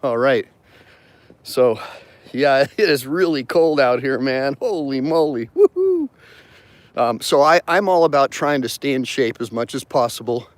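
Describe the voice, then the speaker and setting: A man's voice: medium pitch, normal speed, dry recording. Chatty man in his fifties, joking. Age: 50s. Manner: chatty and joking, laughs often. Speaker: attorney hosting a live stream. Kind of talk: casual live-stream chat. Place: outdoors in a park on a cold morning.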